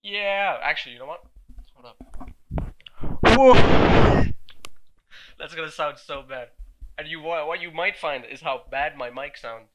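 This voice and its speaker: A man's voice: fairly high pitch, brisk, background noise. Sick, swearing teenage boy ranting. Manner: swearing, frustrated, rambling with restarts. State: sick with a virus. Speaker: gaming commentary vlogger. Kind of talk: casual rambling commentary. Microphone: borrowed low-quality microphone.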